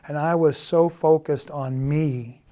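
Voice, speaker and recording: A middle-aged man giving a halting, earnest confessional testimony, often dropping to a quiet, subdued tone. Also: a little high, fairly even intonation. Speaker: church member giving a personal testimony.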